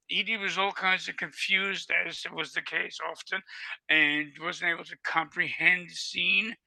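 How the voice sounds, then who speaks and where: Bright, gravelly older man telling stories. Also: sits high, fairly even intonation, measured pace, no echo, poor audio. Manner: vivid storyteller who acts out dialogue. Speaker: interview guest. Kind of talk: animated storytelling.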